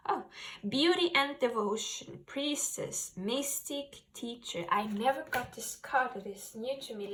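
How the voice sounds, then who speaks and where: Slow, bright-voiced woman tarot reader. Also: medium pitch. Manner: soft-spoken, gentle, laughs often, slow and unhurried. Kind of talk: pick-a-card tarot reading.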